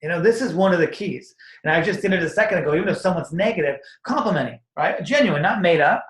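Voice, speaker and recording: Energetic man coaching in an echoey room. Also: sits high, quick pace. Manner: energetic, rambling, acts out sample dialogues. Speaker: network marketing coach. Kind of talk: casual motivational talk.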